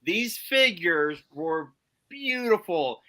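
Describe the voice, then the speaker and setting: A man in casual podcast chat, animated and emphatic, giving playful rants. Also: sits high, slow pace.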